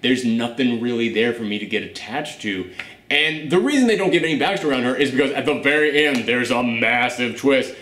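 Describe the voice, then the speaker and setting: A man's voice: mid-range voice, a little fast, fairly bright tone. A man hosting a casual film review chat, blunt and sarcastic, swearing freely as he picks the movie apart. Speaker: film review show host. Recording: roomy echo.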